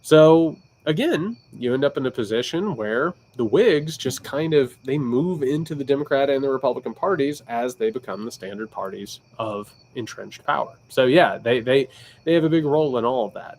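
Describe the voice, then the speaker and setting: A medium-pitched man with a Southern Indiana accent hosts a political commentary livestream, his audio carrying a little hiss or hum. Loose, candid and animated, he answers viewer questions and often restarts his sentences.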